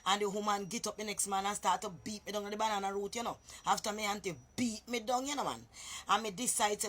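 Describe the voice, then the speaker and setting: A Jamaican woman spins a casual story for her viewers, chatty and direct, calling out to her listeners as she goes. Her voice is bright yet husky. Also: mid-range voice, fairly even intonation, quick pace. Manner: chatty, addresses listeners as boy and master.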